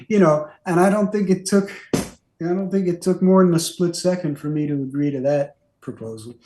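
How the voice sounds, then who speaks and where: A man's voice: a little high, moderate pace, background noise. An older man, a former record executive, telling stories as an interview guest in a rambling, filler-heavy way and acting out the voices he quotes. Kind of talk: anecdotal storytelling. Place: radio studio. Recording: roomy studio echo.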